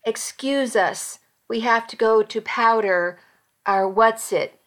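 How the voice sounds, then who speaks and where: A woman reading the lines of a cynical, scheming young woman, sly and unhurried. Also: on the high side.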